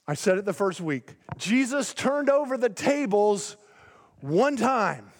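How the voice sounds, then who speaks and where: A male pastor preaching a sermon in a church, emphatic and slowing down to stretch out key words. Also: high-pitched, big pitch swings. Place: church sanctuary. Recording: long hall reverb in a large sanctuary.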